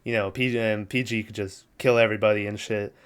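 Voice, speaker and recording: Smooth-voiced man recapping a movie. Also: fairly low pitch, flat delivery, fast. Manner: rambling, laughs often, acts out quotes. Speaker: podcast co-host. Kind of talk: casual chat recapping a movie.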